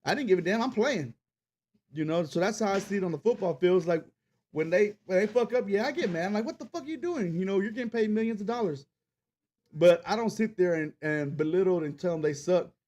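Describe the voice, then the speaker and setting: High-voiced man ranting about sports. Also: fairly quick, darkish tone, highs cut off. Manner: profane, ranting, talks to live chat. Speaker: podcast host. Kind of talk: casual sports rant.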